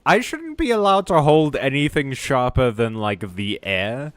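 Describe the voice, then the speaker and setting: A man's voice: mid-range voice, lively intonation, a little slow, dry recording. A man streaming a video game, chatting casually in a rambling, self-deprecating way and swearing freely. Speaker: VTuber streamer. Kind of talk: casual gaming stream chat.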